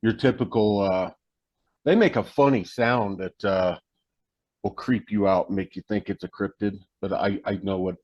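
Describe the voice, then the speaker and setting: A man's voice: lowish voice, steady tone, normal speed, a little mellow, no echo, highs cut off. A man, a hunting guide and tracker, talking as an interview guest in a blunt, emphatic, slangy way that includes some swearing. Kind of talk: casual conversation.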